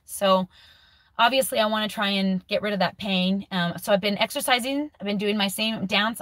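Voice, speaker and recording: A woman's voice: mid-range voice, a bit bright, no echo. Candid woman in her forties, dry sound. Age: 40s. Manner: candid and emotional, thinking aloud with restarts. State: close to tears. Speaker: vlogger. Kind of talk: personal video diary.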